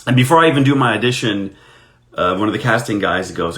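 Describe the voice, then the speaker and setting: A man's voice: lowish voice, animated, quick pace, fairly bright tone. A man, an actor, chatting casually on a live stream while signing autographs, telling anecdotes in a self-deprecating way.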